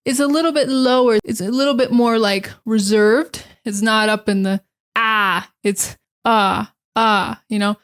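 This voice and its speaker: A chatty woman with a General American accent explains pronunciation in a relaxed teaching vlog. Her voice sits a little on the high side. She keeps saying "like" and repeats single words over and over to demonstrate sounds. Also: normal speed, clear, resonant tone. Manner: frequent "like" fillers. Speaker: English teacher. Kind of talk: casual educational vlog.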